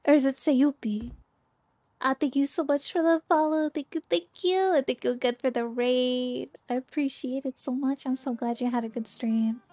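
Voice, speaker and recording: A woman's voice: high-pitched, fairly even intonation, moderate pace, hardly any pauses, darkish tone, no echo. A young woman streaming a game, chatting casually and bubbly with viewers, often giggling. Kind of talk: casual game livestream chat.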